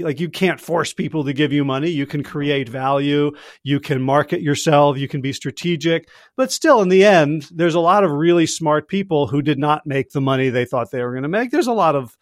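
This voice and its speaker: A man's voice: a little high, no echo, clean studio sound. A man speaking as a podcast guest and executive coach, chatting casually and reflectively, with frequent chuckles. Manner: reflective, chuckles often, loose storytelling.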